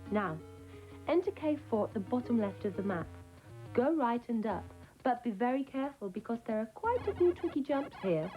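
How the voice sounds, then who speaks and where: A woman's voice: on the high side, animated, moderate pace, dull audio, natural voice. A woman playing a theatrical, vain games mistress who gives out cheats and calls people ducks. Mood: instructive. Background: music under the voice.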